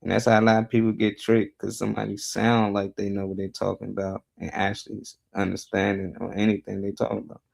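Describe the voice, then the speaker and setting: A man's voice: fairly low pitch, monotone, fast talker, vocal fry, hardly any pauses, darkish tone. A man talking bluntly and casually on a live talk show, laid-back and profane as he tells his views.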